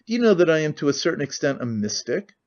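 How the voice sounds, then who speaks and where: Man voicing a cynical idle nobleman, middle-aged, rambling, confiding, fairly high voice, dull lo-fi sound. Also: big pitch swings, fast, a little mellow. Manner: rambling, confiding, languid candor. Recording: muffled lo-fi audiobook recording.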